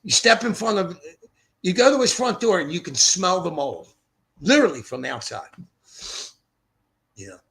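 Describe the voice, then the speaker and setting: A man's voice: high voice, sing-song, normal speed, gravelly, pauses often, fairly bright tone. Profane, rambling older livestream guy. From Philadelphia. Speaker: livestream host. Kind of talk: rambling casual livestream chat. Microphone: streaming setup mic.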